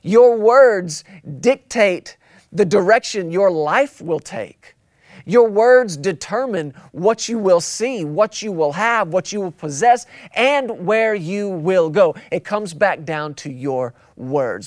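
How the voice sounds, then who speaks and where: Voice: mid-range voice, lively intonation, measured pace, dry recording, studio quality. A pastor preaching a sermon, emphatic and repetitive, drawing out key words for weight.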